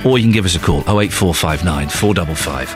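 A man's voice: low voice, fast, music in the background. An English man presenting a breakfast radio show, chatty and jokey, rambling into anecdotes with restarts. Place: radio studio. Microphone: studio microphone.

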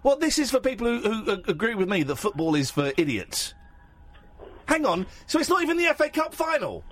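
A man's voice: very high-pitched, wildly swooping pitch, a little fast, a bit bright. A man hosting a casual phone-in radio show in a studio, chatty, jokey and rambling. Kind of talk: casual late-night radio chat. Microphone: studio microphone with headphones.

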